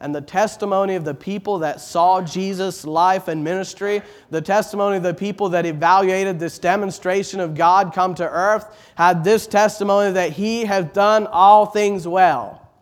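A middle-aged man preaching a sermon, earnest, repeating words as he builds, rising loud on exalted phrases and dropping soft on tender ones. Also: high-pitched, steady tone, moderate pace, few pauses.

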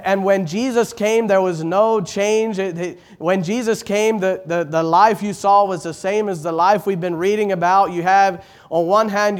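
A middle-aged man preaching a sermon, earnest, repeating words as he builds, rising loud on exalted phrases and dropping soft on tender ones. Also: high voice.

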